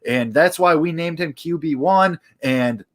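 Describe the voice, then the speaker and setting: A smug, self-justifying middle-aged team executive with a Southern drawl, as a man mocks him. He speaks in a pompous way in a slightly high voice, making excuses about keeping his word. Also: unhurried, natural voice. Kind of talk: mocking impression in casual chat.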